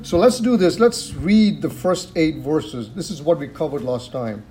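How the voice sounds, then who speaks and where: A man's voice: on the high side, expressive, measured pace, noisy background. A man teaching a sermon, reading scripture aloud and explaining it, who repeats phrases for emphasis and asks rhetorical questions. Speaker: preacher.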